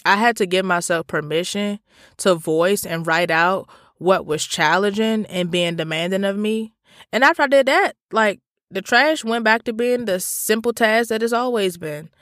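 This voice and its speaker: In clean studio sound without echo, a man whose voice sits high talks at a moderate pace. Addressing listeners directly, he tells a story in a casual monologue full of slang and profanity, alternating animated rants with calmer reflective moments.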